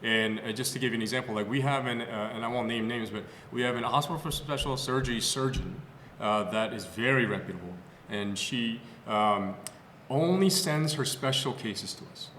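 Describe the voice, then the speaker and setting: Speaking at normal speed with a medium pitch, this man is a physical therapist animatedly recounting patient stories for a podcast, with frequent fillers and restarts. Recorded in a clinic podcast room, the sound has long reverb and a little hiss or hum.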